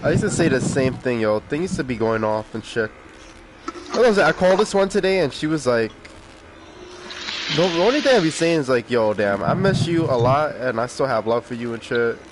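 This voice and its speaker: A man in casual chat, animated and slangy, laughing often. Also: mid-range voice, fairly quick, noisy background. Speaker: podcast co-host.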